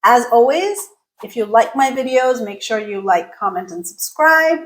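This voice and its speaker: Roomy, higher-voiced woman teaching pronunciation. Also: expressive. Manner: clear, deliberate, slows to model words. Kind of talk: pronunciation lesson. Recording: roomy echo.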